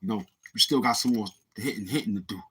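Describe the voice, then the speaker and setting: Husky Brooklyn man hosting a livestream. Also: fairly low pitch, fast talker, pushed and bright. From Brooklyn, New York. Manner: streetwise slang, repeats himself, talks to chat. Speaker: livestream host reading chat. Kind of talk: casual livestream chat.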